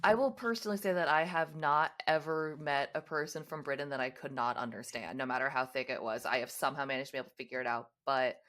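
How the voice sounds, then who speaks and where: A woman's voice: a bass voice, fast, few pauses, a bit bright. A woman from the United States with an American accent, hosting a podcast and chatting over a video call, laughing often. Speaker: podcast host. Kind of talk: casual chat.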